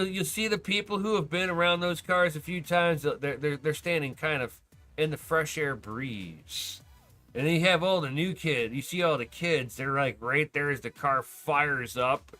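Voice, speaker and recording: A man hosting a podcast in casual chat, telling stories excitedly, swearing a lot and laughing often. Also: fairly high pitch, unhurried, faint music behind. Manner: profane, excitable storyteller who laughs often. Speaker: podcast host.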